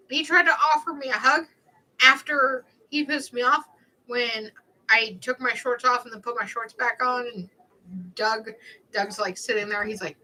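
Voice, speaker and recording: A woman's voice: fairly high pitch, normal speed, bright, forceful tone, poor audio. A young woman chatting casually on a livestream, telling rambling stories in a snarky, talkative way.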